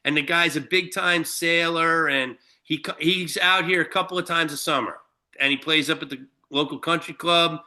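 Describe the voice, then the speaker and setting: Fairly even intonation marks this man's somewhat high, sharp-toned voice, delivered at normal speed. A guest storyteller from Shelter Island, New York, he tells a long, profane story casually, full of fillers and restarts.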